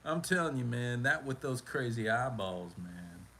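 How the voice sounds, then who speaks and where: A man chats slowly and loosely on a home livestream, tagging "man" onto his phrases and breaking into laughter. There's a faint hum of room noise behind him. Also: medium pitch, lively intonation, a bit bright, low-quality recording. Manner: laughs often, drawls "man" at line ends. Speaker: livestream host. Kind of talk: casual livestream chat.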